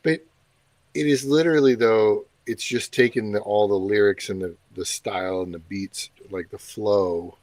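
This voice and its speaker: Low-ish chill guy cohosting, dry sound, mostly just agreeing. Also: fairly even intonation, moderate pace, darkish tone, no room sound. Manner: easygoing, brief agreeing replies. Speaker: podcast co-host. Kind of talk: casual chat.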